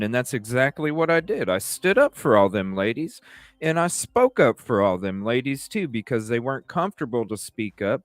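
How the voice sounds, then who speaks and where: A man hosting a livestream, telling stories in a rambling, profane, animated way. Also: mid-range voice, normal speed, no echo. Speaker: livestream host. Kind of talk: casual livestream talk.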